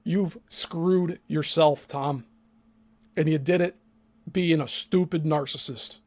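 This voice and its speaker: A man's voice: fairly high pitch, fairly even intonation, slow, darkish tone. A man hosting a live stream, commenting on a clip in a crude, mocking, profane way. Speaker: show host.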